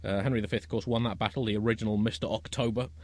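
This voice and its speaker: A man co-hosting a comedy podcast, telling absurd stories in a wry, deadpan manner. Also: fairly low pitch, very fast, dry recording. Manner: wry, deadpan, absurd comic storytelling with chuckles. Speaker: podcast co-host. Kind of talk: comic podcast monologue.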